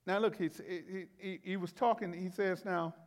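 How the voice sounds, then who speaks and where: A male pastor preaching a Bible-teaching sermon in a folksy, conversational way, with chuckles, repeated words and loud bursts of emphasis. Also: sits high, steady tone, moderate pace, long reverb tail. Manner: rises to loud exclamations for emphasis. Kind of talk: expository sermon.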